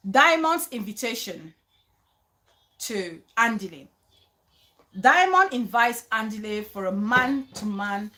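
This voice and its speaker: A woman hosting a casual commentary vlog, animated and emphatic, who repeats her key phrases and turns soft and coaxing when she speaks to her child. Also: on the high side. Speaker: vlogger and show host.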